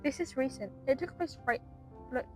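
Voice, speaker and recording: A woman's voice: sits high, lively intonation, moderate pace, soft background music, poor audio. A woman reading aloud the lines of an earnest, resolute young noblewoman in a game.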